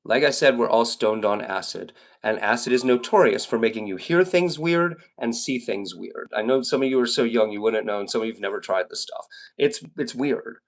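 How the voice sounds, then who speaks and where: A man's voice: mid-range voice, normal speed, few pauses. A man live-streaming, telling a long rambling story to his chat, with lots of fillers and swearing. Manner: rambling, profane, with many fillers and restarts.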